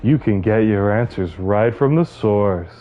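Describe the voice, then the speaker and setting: A man doing a deep-voiced big buff cat woman. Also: lively intonation, unhurried. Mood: earnest. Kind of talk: voicing game cutscenes on stream. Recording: slightly muffled with game music.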